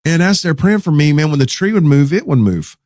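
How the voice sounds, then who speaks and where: A middle-aged man telling a story in a folksy, animated way, acting out what he said at the time. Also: a little high, brisk, no echo, studio quality. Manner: folksy, animated, quotes himself. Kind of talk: casual storytelling.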